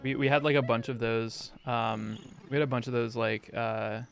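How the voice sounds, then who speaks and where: A man's voice: medium pitch, fairly even intonation, normal speed, creaky, soft background music. A man in his thirties chatting casually on a game stream, rambling with lots of fillers and crude jokes. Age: 30s. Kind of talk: casual gaming stream chat.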